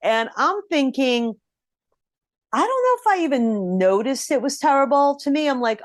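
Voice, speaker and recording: Lively woman reacting to TV shows. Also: on the high side, moderate pace, no echo, studio quality. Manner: animated, acts out her own reactions. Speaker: podcast co-host. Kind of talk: casual chat reviewing TV.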